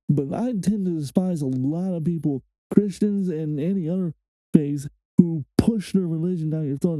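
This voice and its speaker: A man's voice: a little high, dark tone, no room sound, low-quality recording. A man hosting a reaction video, ranting heatedly and swearing often. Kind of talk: casual reaction commentary.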